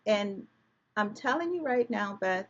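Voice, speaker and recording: A woman's voice: medium pitch, expressive, unhurried, dull audio. A woman guest telling an emotional personal story, vividly reliving scenes with quoted dialogue.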